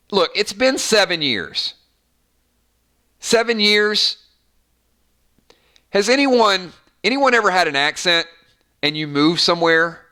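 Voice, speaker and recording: A man's voice: a little high, clean tone. A man from Georgia with a light Southern accent, hosting a casual, rambling fan chat and often repeating himself. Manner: rambling, repeats words, animated. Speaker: channel host.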